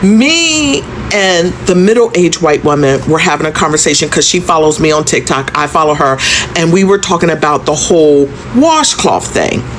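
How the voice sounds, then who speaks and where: A woman's voice: deep voice, lively intonation, moderate pace, slight background noise, rough recording. A woman in her fifties telling a storytime vlog in a conversational, emphatic way, often turning to ask the viewer questions. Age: 50s. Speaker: content creator.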